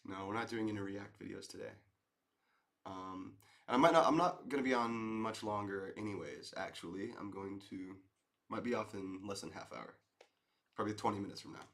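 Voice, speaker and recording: A man's voice: fairly low pitch, moderate pace, gravelly, long pauses, a bit bright. A man in his thirties streaming live, chatting casually and rambling as he answers viewer comments, often calling people dude and man. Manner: laid-back, rambling, says dude and man.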